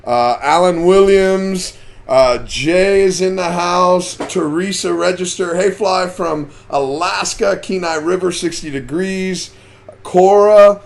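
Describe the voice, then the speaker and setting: A man's voice: sits high, slow, gravelly. A man hosting a casual live stream about fishing, chatting and reading out the names of viewers as they join.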